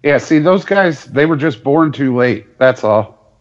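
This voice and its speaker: A man's voice: mid-range voice, animated, a little slow, lo-fi sound. A man in casual sports chat as a podcast co-host, sarcastic and joking.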